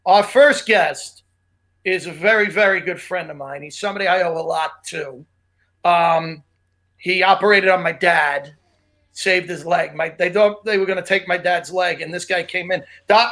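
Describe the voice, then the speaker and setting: A man's voice: high voice, moderate pace, bright, forceful tone. A man co-hosting a podcast, a comedian telling loose, rambling stories in casual chat. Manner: loose, rambling storyteller with restarts.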